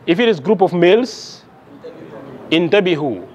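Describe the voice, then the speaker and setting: A man's voice: high voice, animated, moderate pace, darkish tone, slight background noise. Man teaching, quizzing with "okay?". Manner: quizzing students with frequent "okay?" checks. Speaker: Arabic lecturer. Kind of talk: classroom lesson.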